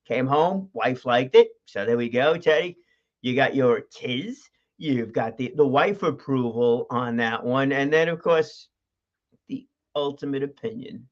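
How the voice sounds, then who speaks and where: A man's voice: medium pitch, unhurried. A man hosting a casual livestream, rambling with fillers and laughs. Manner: chatty, laughs often, many fillers and restarts. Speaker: host of a livestream show. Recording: dull lo-fi stream audio.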